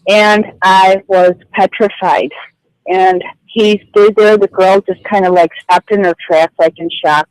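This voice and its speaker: A woman's voice: mid-range voice, steady tone, measured pace, smooth, no room sound, poor audio. A flustered woman phones in to a radio show and tells her story in a rambling way, full of fillers and restarts. Her voice comes through dry and close, with no room around it. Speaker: caller. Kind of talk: telling a personal story on air. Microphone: phone call.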